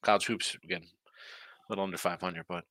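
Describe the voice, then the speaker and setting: A man's voice: deep voice, steady tone, normal speed, pushed and bright, no room sound. A man hosting a casual sports betting picks show, talking in a rambling, trailing-off way while sleepy and yawning.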